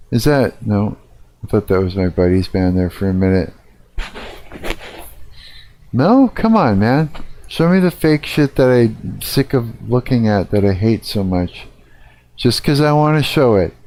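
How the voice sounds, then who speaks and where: A man's voice: medium pitch, darkish tone, no echo. A middle-aged man ranting casually on a live stream, swearing a lot and rambling with fillers.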